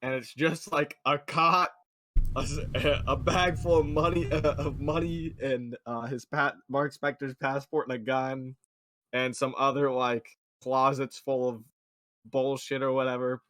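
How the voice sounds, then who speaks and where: A man's voice: medium pitch, steady tone, unhurried, a bit bright, dry recording. A man co-hosting a podcast, retelling a TV episode in loose, rambling casual chat. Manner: loose and rambling, retelling scenes with quoted voices. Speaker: podcast co-host.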